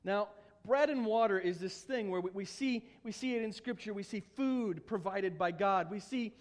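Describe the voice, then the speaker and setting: A pastor preaches a sermon in a high, earnest voice. He stumbles through repeated words and drops humorous asides. His voice carries a long hall reverb in the church. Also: normal speed.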